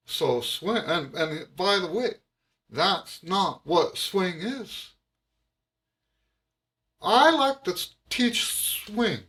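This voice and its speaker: A man's voice: fairly high pitch, a bit bright. A man teaching jazz trumpet to camera, emphatic, repeating his key points with frequent restarts. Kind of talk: explaining music to camera.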